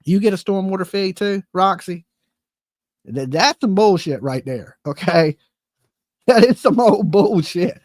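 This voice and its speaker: A woman's voice: medium pitch, lively intonation, measured pace, a little mellow, dry recording. A woman ranting in casual chat, profane and exasperated, rambling with frequent restarts. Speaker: livestream host. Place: home.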